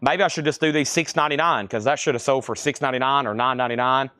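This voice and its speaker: A man hosting a live record sale, calling out items, prices and buyers in a brisk, chatty way from a record shop storeroom. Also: medium pitch, pushed and bright, clean tone, no room sound, studio quality. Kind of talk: livestream auction calling.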